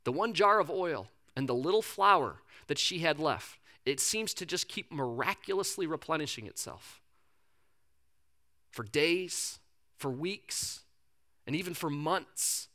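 Guy pastor giving a sermon, chatty storyteller, bright sharp voice. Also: mid-range voice. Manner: conversational, animated storytelling.

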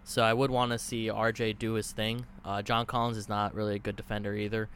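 A man co-hosting a sports podcast in casual, halting chat, with many fillers and restarts. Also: lowish voice, flat delivery, fairly bright tone, slight background noise. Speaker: podcast co-host.

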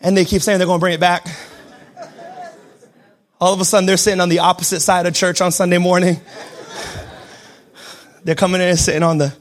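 A young adult man preaching a sermon, switching between shouted declarations and quiet, joking asides. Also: on the high side. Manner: self-deprecating humor. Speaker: pastor.

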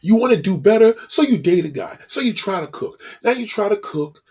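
A man delivers a heated, profane monologue in a husky, high voice. His pitch swings widely, and he hammers each point with emphatic insistence. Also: lively intonation, brisk, darkish tone. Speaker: commentator.

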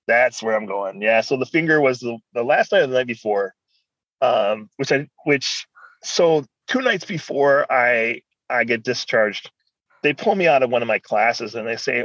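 Male guest, animated rambling storyteller, dry and muffled sound. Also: mid-range voice, normal speed, no echo. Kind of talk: personal storytelling in conversation.

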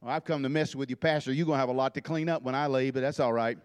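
A man's voice: medium pitch, fairly even intonation, very fast, clean tone. A man, preaching a fervent sermon as a guest preacher in a church. He repeats phrases and stammers through restarts as he builds his points. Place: church sanctuary.

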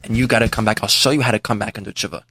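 A man voicing a saintly old rabbi who gives calm, commanding instructions in a dream. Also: fairly low pitch, racing, husky, no echo, studio quality, pitched below the performer's own voice, exaggerated voice. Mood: solemn.

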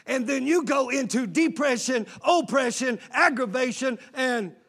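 A male pastor with a very high voice for a man delivers a sermon. He preaches with fervor, calls out questions to the congregation and bursts into shouts. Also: a little slow, husky. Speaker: lead pastor.

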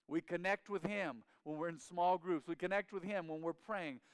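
A pastor in his forties preaching a sermon in church, animated and calling on the congregation to respond. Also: high voice, normal speed, clear, resonant tone, dry recording. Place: church sanctuary.

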